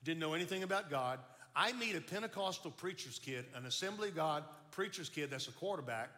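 An older man from Baton Rouge, Louisiana, gives a folksy storytelling testimony in a bright, edgy voice that sits a little high and moves briskly. He's animated and repeats words when he restarts, and a long hall reverb gives the recording a big echo.

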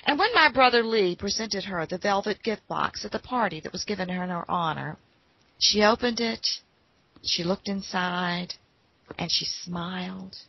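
A woman telling a personal story in an unhurried, folksy way. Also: mid-range voice, creaky, slightly rough, dry recording, muffled recording.

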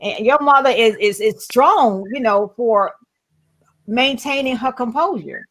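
A woman's voice: on the high side, a little slow, fairly bright tone, poor audio. A woman hosting a talk show, chatting casually with many fillers and asides. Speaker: host.

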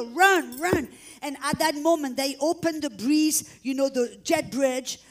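High-voiced woman preaching a dramatic testimony. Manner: dramatic storytelling, acting out shouts and prayers. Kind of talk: testimony sermon.

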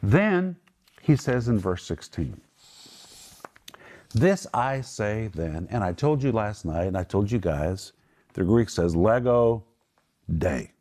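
A man's voice: lowish voice, darkish tone. Emphatic male Bible teacher. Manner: emphatic, raises voice sharply for quotes; draws out key words slowly.

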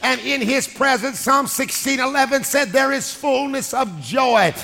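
Male pastor, high bright gravelly voice, preaching in shouts and sung cadences, live church hall with music and crowd. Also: unhurried. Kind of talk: sermon. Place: large church hall with congregation.

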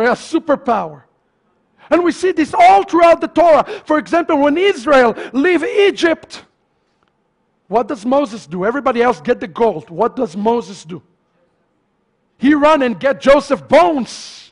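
A male pastor preaching a sermon to his congregation, swinging from loud fervent shouts to hushed, near-murmured lines. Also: very high voice. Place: congregation's sanctuary.

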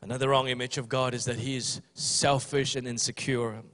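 A man's voice: mid-range voice, level tone, fairly quick, fairly bright tone, long reverb tail. A male pastor preaching a Sunday sermon, fervent and repetitive, calling on the congregation to respond. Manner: fervent, repetitive, mimics pleading prayers.

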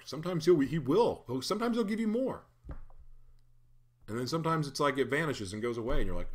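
A man preaching a sermon in a relaxed, conversational way, with playful asides and lively shifts in energy. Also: on the high side, moderate pace, pauses often. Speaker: pastor. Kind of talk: casual sermon.

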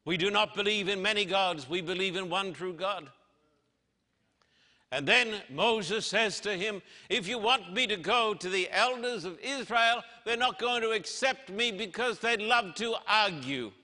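Slow dramatic preacher man in a hall. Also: sits high, sharp tone. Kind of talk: sermon. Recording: reverberant hall.

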